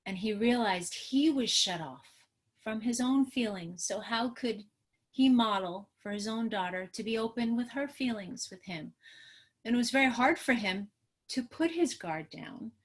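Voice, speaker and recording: Brief: middle-aged woman from New York, trauma therapist explaining parenting tools on a video call, earnest and warm-paced. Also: a little high, animated, measured pace. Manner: earnest, teaching, talks with her hands. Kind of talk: educational webinar talk.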